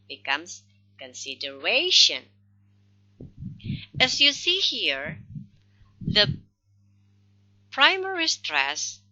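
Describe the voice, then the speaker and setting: A woman teaching a phonology lesson in a recorded lecture. She explains slowly and step by step, with non-native English grammar, and checks in often with "okay". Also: mid-range voice, sharp tone. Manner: slow explanatory, frequent "okay" check-ins. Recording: dull lo-fi recording.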